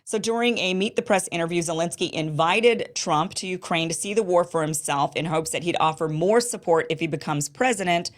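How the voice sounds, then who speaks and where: A woman's voice: lowish voice, brisk, few pauses. A woman delivering an emphatic, indignant political commentary monologue, often breaking off and restarting her sentences.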